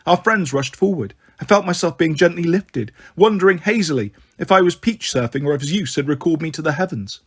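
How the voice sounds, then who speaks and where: Man, audiobook narration, expressive and dramatic, a bit high-pitched. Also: a little fast, few pauses, breathy edge. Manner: expressive, dramatic first-person reading. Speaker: storyteller.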